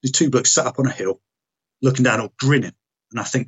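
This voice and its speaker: A husky-voiced British man, a former soldier, recounts a personal experience in conversation. He talks in halting bursts, restarting sentences and swearing openly. His pitch sits in the ordinary middle range for a man. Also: highs cut off. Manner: halting, restarts, frank and profane. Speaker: guest, military veteran.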